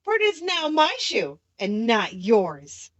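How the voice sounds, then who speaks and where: A woman voicing a wicked old witch who is shrill and spiteful, wailing as she melts. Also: huge pitch swings, slow, fairly bright tone, dry recording, highs cut off, full character voice.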